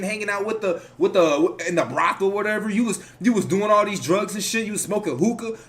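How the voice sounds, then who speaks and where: A man giving casual reaction commentary, rambling, profane and preachy as he lectures his audience. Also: sits high.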